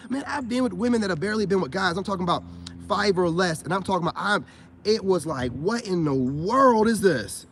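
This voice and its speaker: A man's voice: high-pitched, fast, gravelly. An American man giving a blunt, heated ranting monologue as a vlogger, full of fillers, recorded in a vehicle. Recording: loud background noise.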